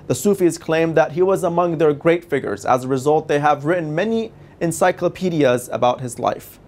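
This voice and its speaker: A man's voice: fairly high pitch, darkish tone. Formal, reverent man with a raised voice. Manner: formal, measured, reverent delivery. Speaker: presenter of a religious TV series. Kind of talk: scripted religious lecture.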